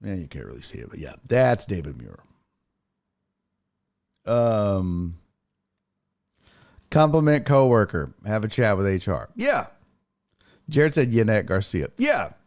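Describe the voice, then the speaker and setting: A man's voice: on the low side, wildly swooping pitch, a little slow, pauses often, a little mellow. A man hosting a casual sports talk stream, reading viewer comments aloud and riffing on them in loose, profane banter. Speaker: sports talk show host.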